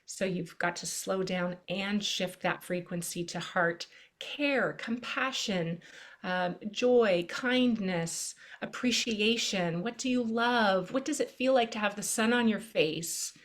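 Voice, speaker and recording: A middle-aged woman, a pediatric neurologist, explaining a calming technique in a gentle, storytelling way during an interview. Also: mid-range voice, slow pace. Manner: gentle, storytelling, drops to a soft hush. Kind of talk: conversational interview.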